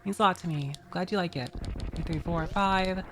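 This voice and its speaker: A woman's voice: lowish voice, moderate pace, a little hiss or hum. A woman streamer chatting casually while playing a game, laughing often and thanking viewers from chat.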